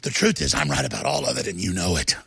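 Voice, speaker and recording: A man hosting a talk show, delivering a combative political rant that builds into shouting. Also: mid-range voice, expressive, fast talker, creaky, husky.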